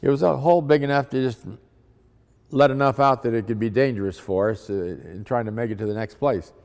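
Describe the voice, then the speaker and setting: A man's voice: medium pitch, brisk, darkish tone. A man, a missionary, telling a testimony story in a folksy, dramatic way. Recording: long hall reverb.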